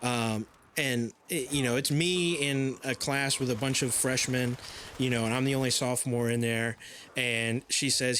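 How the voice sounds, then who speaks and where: A young adult man chats casually on a podcast, spinning stories in long rambling runs. His pitch sits in an ordinary middle range, and a faint hiss lies under the talk. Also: normal speed. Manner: animated storyteller, talks in long rambling runs. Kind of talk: casual conversational chat.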